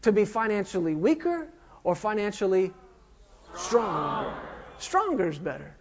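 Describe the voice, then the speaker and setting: A pastor with a high, very animated voice delivers a sermon at a measured pace in a reverberant hall, using emphatic call-and-response questions. The recording is dull and lo-fi, with a noisy background and long hall reverb.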